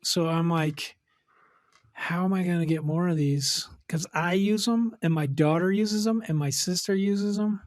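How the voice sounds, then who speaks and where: A man's voice: sits high, a little slow, no room sound, clean studio sound. A middle-aged man co-hosting a podcast, chatting casually with teasing, joking banter. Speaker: podcast co-host. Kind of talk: casual chat.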